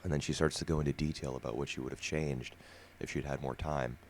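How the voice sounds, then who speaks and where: Man, extremely low voice, podcast co-host, casual discussion, explains at length. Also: fairly even intonation, quick pace. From United States.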